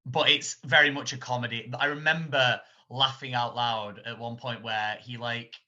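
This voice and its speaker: A man chatting about films on a podcast, rambling and animated. His voice is very bright and forceful. The recording sounds dull and lo-fi. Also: medium pitch, moderate pace. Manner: rambling, animated, laughs while retelling scenes. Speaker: podcast co-host. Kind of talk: casual film chat.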